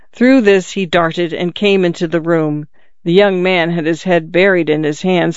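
A man narrating a fairy tale in a calm, measured reading. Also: high voice, smooth, no room sound. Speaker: storyteller. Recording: dull lo-fi, dry.

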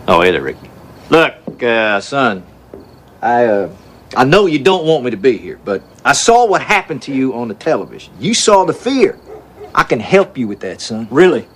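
A scruffy estranged father in his fifties who rambles with hesitant fillers and gruff bravado. His voice lifts and drops in a lively way, with faint noise behind it in this film scene. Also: medium pitch, measured pace. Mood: coaxing. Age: 50s. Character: scruffy stoner deadbeat dad, brash and wheedling.

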